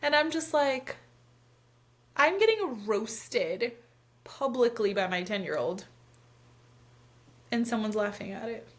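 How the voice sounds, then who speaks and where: High-voiced woman telling a story animatedly. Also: takes it slowly, long pauses. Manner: animated storytelling, acting out quotes, swears freely. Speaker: podcast co-host. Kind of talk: casual chat.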